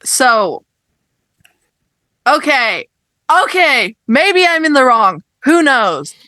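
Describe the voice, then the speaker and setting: A young woman co-hosting a podcast, telling a story in casual chat, animated and exasperated, swearing as she rants. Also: high voice, very slow, dry recording. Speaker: podcast co-host.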